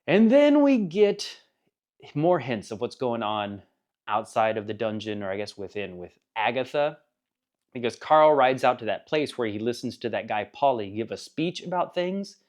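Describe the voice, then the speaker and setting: A man's voice: medium pitch, big pitch swings, normal speed, darkish tone. A man giving a casual spoken book review, rambling and enthusiastic, laughing now and then at the funny parts.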